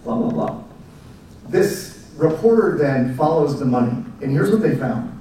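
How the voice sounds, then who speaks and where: A man, giving a speech to educators as a presenter in a relaxed storytelling manner with fillers. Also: a little high, a little slow, a little hiss or hum. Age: 40s. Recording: echoey room, mic at a distance.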